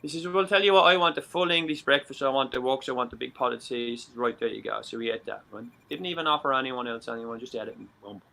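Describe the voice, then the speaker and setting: An Irish man chats loosely as a show host, tripping over his words and cursing as he goes. His voice has a very bright, sharp tone. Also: medium pitch, fast, gravelly, few pauses. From Ireland. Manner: rambling, stumbles over words, swears freely. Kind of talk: casual chat.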